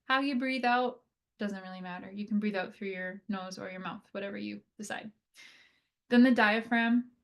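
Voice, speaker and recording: Woman therapist giving a relaxed health lecture. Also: medium pitch, vocal fry. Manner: conversational, frequent "right?" and "like" fillers; slows down to demonstrate breathing. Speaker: occupational therapist. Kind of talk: casual educational lecture.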